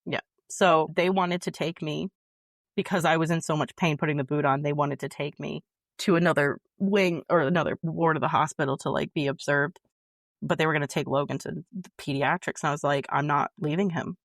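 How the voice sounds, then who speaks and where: A woman's voice: deep voice, steady tone, brisk, no echo, studio quality. A woman, a podcast guest, telling a personal story in an earnest, emotional way that halts and restarts often.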